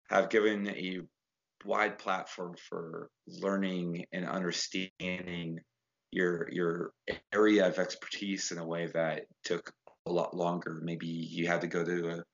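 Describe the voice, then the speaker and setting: A man talking as a podcast guest, earnest and rambling with fillers in a casual chat. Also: sits low. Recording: dull lo-fi sound.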